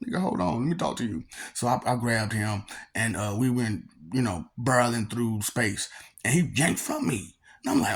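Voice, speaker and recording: A man's voice: fairly low pitch, gravelly, breathy edge. A man telling a personal story in a casual, rambling way. He laughs often and keeps repeating filler phrases.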